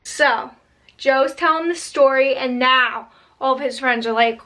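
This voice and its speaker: A woman telling a spooky story in a casual, chatty storytime style, tossing in slangy asides to her viewers. Her voice sits high and sounds bright and sharp. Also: measured pace.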